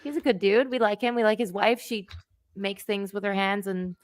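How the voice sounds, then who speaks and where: A woman's voice: mid-range voice, normal speed, dry recording. A woman, chatting on a livestream, enthusiastic and talkative, laughing often. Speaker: guest co-host. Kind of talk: livestream chat.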